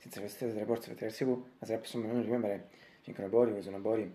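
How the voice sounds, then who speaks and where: A man's voice: lowish voice, steady tone, very fast, mellow. A man with an Italian accent, speaking English as a second language, giving a casual daily weather report with many fillers and restarts. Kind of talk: casual daily video diary.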